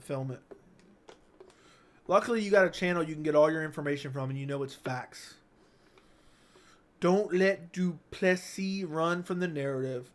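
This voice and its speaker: Crude joking man hosting a stream. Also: a little high. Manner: crude, joking, teasing chatters. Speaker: livestream host reading chat. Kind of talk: casual livestream chat. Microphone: studio dynamic mic.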